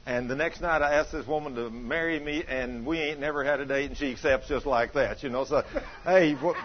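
A man preaching a sermon, telling a story about his wife in a folksy, colloquial way with bursts of loud emphasis. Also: fairly high pitch, brisk, slight background noise. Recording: dull lo-fi sound.

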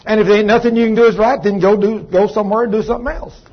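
A husky-voiced preacher, a man pitched a little high, talking to his congregation in a folksy, chatty way. The recording is muffled and lo-fi. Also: steady tone, racing. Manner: folksy, calls on congregation members by name. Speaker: pastor. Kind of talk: sermon. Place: church.

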